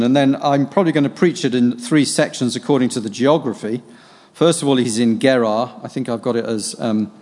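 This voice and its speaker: A man's voice: mid-range voice, a little mellow. A man reading a Bible passage aloud and musing on it as he prepares a sermon, stopping to think between verses with hesitant fillers. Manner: reads scripture aloud, then muses on it with pauses and fillers. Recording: long hall reverb.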